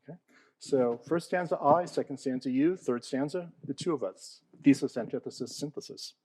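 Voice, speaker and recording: A man's voice: mid-range voice, moderate pace, warm tone, dry recording, rough recording. A man giving an explanatory talk on poetry to an audience. He often checks in with "okay?" and "all right?" and puts questions to the listeners. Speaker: panel speaker on poetry.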